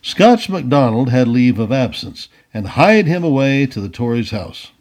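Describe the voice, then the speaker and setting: A man reading a historical story aloud as a storyteller, lively, with casual asides. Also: mid-range voice, moderate pace.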